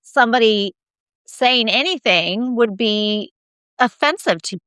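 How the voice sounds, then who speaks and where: A woman's voice: on the high side, animated, slow pace, sharp tone, smooth, no room sound. Casual, affirming woman podcast host. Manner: casual and affirming, frequent "yeah", mild swearing.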